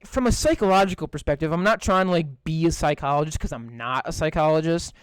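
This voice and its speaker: A man's voice: on the high side, quick pace, smooth, no room sound, poor audio. A young man co-hosting a podcast, ranting in casual chat with lots of swearing and fillers. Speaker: podcast co-host.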